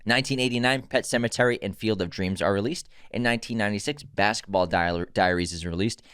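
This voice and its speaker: A man's voice: fairly low pitch, fairly bright tone, clear, resonant tone, dry recording, studio quality. Young man running a podcast segment. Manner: brisk list reading with easy banter. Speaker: podcast co-host. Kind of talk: casual film podcast chat and segment reading.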